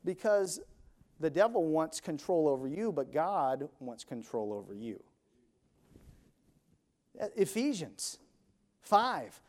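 Male preacher, high-pitched, unhurried delivery, emphatic rhetorical questions. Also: big pitch swings, darkish tone. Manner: emphatic, asks and answers his own questions; counts beats and sings snatches of songs. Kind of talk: sermon.

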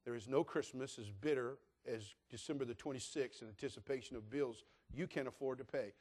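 An older man preaching a sermon in a church in an animated, joking, conversational way. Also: medium pitch, a little fast, husky. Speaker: pastor.

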